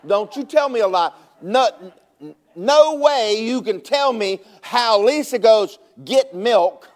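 High-voiced pastor preaching. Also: male voice, a little slow. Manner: animated storytelling, rises to shouting at peaks. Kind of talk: sermon.

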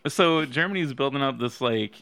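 Man, bright forceful voice, casual history chat, slangy and rambling. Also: medium pitch, normal speed, vocal fry, no echo. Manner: rambling, laughs often, slangy.

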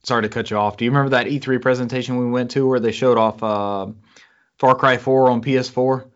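A man co-hosting a casual chat about games, chiming in with short excited remarks. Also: medium pitch, fast. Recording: dull lo-fi audio, off-mic.

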